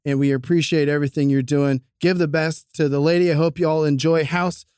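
A man's voice: a little high, fairly even intonation, a little fast, darkish tone, smooth, no echo, studio quality. A man hosting a podcast, loose and jokey, wrapping up a show. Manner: loose, jokey, puts on silly voices. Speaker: podcast host. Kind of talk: casual chat.

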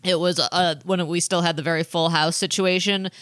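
A woman's voice: lowish voice, steady tone, moderate pace, a bit bright, no room sound, clean studio sound. A woman co-hosting a casual podcast, chatty and wry, with plenty of "like" in her talk. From Ireland. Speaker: podcast co-host. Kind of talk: casual chat.

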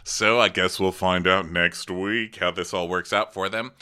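A man co-hosting a comedic reality TV recap podcast, campy and animated. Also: low-pitched, measured pace, clean tone. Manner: campy, animated, acts out cast members' lines. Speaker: podcast co-host.

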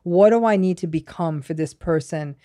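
A woman psychologist guesting on a podcast, explaining calmly and backing her points with examples. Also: lowish voice, moderate pace.

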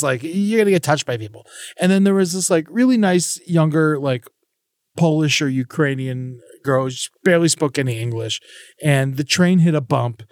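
Man, podcast co-host, casual chat, animated storytelling, dry sound. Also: no echo. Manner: animated storyteller, acts out quotes in a high voice.

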